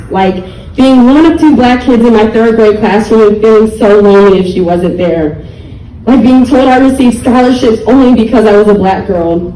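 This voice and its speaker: A young woman delivers an earnest, pleading public speech, heavy with emotion. Her voice is dark and mellow, and it sounds roomy and far from the mic. She speaks with the weight of someone close to tears. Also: medium pitch. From United States. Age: young adult. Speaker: speaker at a community rally.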